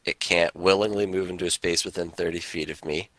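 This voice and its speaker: A man's voice: low-pitched, steady tone, brisk, fairly bright tone, dry recording. A man playing a tabletop game, eagerly reading out the rules at length. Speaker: player.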